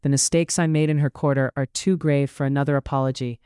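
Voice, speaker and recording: A narrator voicing a grave, restrained gentleman and older brother in a read-aloud story, with a smooth voice. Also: mid-range voice, fairly even intonation, fast, dry recording, clean studio sound, natural voice. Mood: firm. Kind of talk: audiobook character reading.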